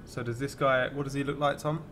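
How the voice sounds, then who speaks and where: Male player, joking and playful, average pitch. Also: steady tone, a little fast, a bit bright, a little hiss or hum. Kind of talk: casual tabletop game chat.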